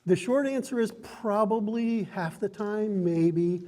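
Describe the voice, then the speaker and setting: High-voiced man explaining game rules. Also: slow pace, dark tone, in a large hall, slight background noise. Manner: friendly, instructive, laughs often. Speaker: dungeon master. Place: card and game store.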